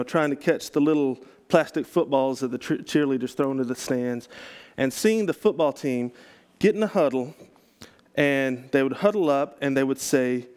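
A man's voice: medium pitch, a little mellow, smooth. A man from Texas, a pastor, giving a casual teaching talk to a group, chatty and self-correcting, with joking asides.

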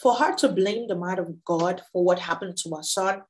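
A woman teaching a Bible study, reading scripture aloud and explaining it in a loose, halting, conversational way. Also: fairly low pitch, a little mellow, poor audio.

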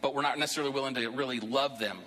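A man's voice: mid-range voice, fairly even intonation, rapid-fire, a bit bright, big-room sound. A man preaching a sermon to his church as pastor, talking conversationally and rising into emphatic bursts. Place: church sanctuary.

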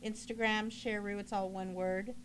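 A woman guest in a casual interview, briskly reading her contact links off a list. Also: medium pitch, flat delivery, slight background noise. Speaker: guest, pageant director.

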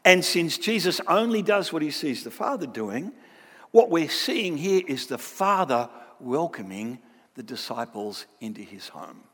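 Animated man giving a Bible lecture. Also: on the high side, unhurried, long reverb tail. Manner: animated, with frequent tag questions.

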